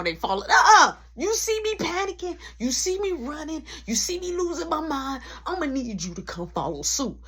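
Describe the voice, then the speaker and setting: A woman's voice: sits high, sing-song, fairly quick, few pauses, pushed and bright. A young adult woman telling a story in casual slang, full of sound effects.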